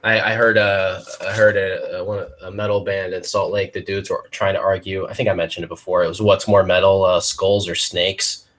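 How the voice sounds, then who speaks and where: A young man co-hosting a casual chat podcast, with a voice that sits a little low. He wanders through his stories, restarts sentences and leans on "like" and "dudes". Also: flat delivery, brisk, few pauses, fairly bright tone. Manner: rambling storyteller, repeats himself, says "like" and "dudes". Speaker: podcast co-host.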